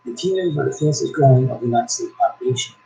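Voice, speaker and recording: A man reading a founding text aloud slowly and haltingly, correcting himself as he goes, then giving preachy religious commentary. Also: mid-range voice, lively intonation, gravelly, dark tone, reverberant, low-quality recording. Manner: preachy, exhorting. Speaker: YouTube commentator.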